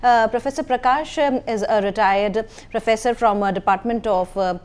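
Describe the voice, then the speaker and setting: A woman's voice: fairly high pitch, moderate pace, a little mellow, clear, resonant tone. A woman hosting a live lecture show, speaking formally, introducing the guest and often addressing viewers as dear friends. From India. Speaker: host.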